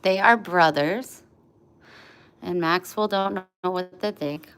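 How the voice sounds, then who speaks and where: A woman vlogger in a casual home video, talking tenderly with frequent pauses and running short of breath. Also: fairly low pitch, a bit bright, clean tone. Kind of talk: casual home vlog, talking to her dogs and giving heartfelt advice.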